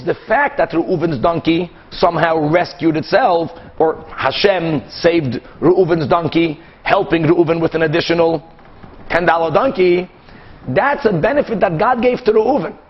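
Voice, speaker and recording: High-voiced animated rabbi teaching Talmud. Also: male voice, breathy edge, lo-fi sound. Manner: animated, acts out both sides of cases with quick back-and-forth. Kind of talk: Talmud class lecture.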